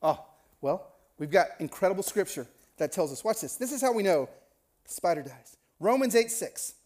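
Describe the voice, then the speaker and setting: A middle-aged male pastor preaching a sermon, telling a story and acting out the people in it with lively voices. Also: high-pitched, moderate pace. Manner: animated, acts out the people in his stories.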